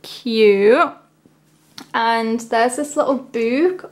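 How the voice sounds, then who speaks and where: A woman's voice: fairly high pitch, measured pace. A woman chatting her way through an unboxing video, rambling and emotional as she reacts to each item. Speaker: vlogger. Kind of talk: casual unboxing commentary.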